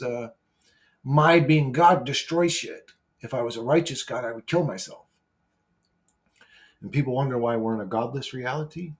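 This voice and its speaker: A brash man who swears freely, rambling casually as he replies to viewer comments. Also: medium pitch. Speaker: YouTuber replying to comments.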